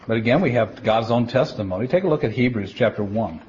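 A man preaching a Bible teaching, explaining scripture step by step in a deliberate way, often stopping to restart a word. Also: mid-range voice, lively intonation, darkish tone. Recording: dull lo-fi recording.

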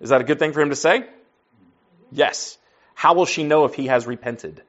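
A man's voice: on the high side, normal speed, fairly bright tone, muffled recording. A man preaching to a class in a conversational teaching style, folksy, asking the group questions and answering them himself. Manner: folksy, says y'all and like.

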